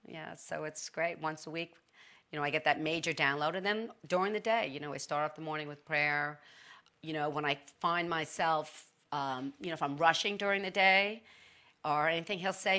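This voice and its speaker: A chatty, middle-aged woman speaks as an interview guest, often restarting her sentences. Her voice sits fairly low but sounds bright and forceful. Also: normal speed. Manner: chatty, animated, with many restarts. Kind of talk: casual testimony.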